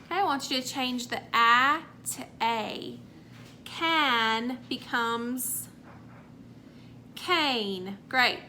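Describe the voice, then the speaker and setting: Woman teacher, high bright voice, slow careful sounding-out for small kids, light background hum. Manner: slow, clear sounding-out of words; encouraging praise after each answer. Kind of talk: remote phonics lesson for young children.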